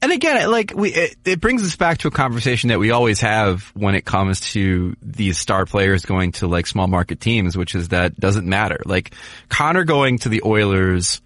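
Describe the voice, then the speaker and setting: A man's voice: on the low side, animated, normal speed, fairly bright tone, dry recording. A man from New York hosting a podcast, chatting casually about sports with jokes and stumbling restarts. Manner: joking, repeats words when restarting. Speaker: podcast host.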